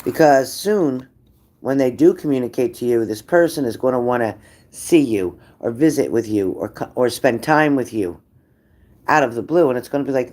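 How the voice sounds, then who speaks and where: Psychic reader, casual spirit-message reading, unhurried, repeats phrases, trails off, mid-range voice. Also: mid-range voice, expressive. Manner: breaks off to scold a dog loudly.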